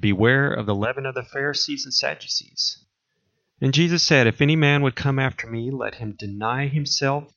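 A man preaching, reading a long series of scripture commands aloud in a measured, solemn way. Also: medium pitch, vocal fry, fairly bright tone. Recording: dull lo-fi recording.

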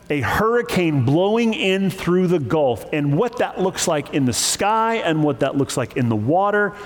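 A man preaching a sermon, lively and emphatic, with joking asides. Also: a little high, in a large hall. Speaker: pastor.

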